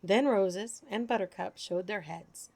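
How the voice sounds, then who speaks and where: A woman reading children's stories and rhymes aloud, expressive and animated. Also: mid-range voice, a little slow. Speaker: storyteller. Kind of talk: children's storybook read-aloud.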